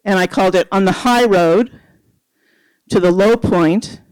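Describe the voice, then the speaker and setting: Poet at an open mic, very slow and deliberate, smooth clear voice, dry close sound. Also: mid-range voice, darkish tone, no echo, rough recording. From Canada, Nova Scotia. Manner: slow, measured reading with pauses. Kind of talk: poetry reading with spoken preamble.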